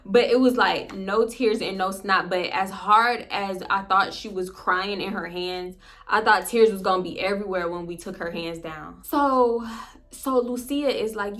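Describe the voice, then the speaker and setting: A young woman, casually telling a story to her viewers and acting out her friends' lines in quick quotes. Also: mid-range voice, a bit bright. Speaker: storytime YouTuber.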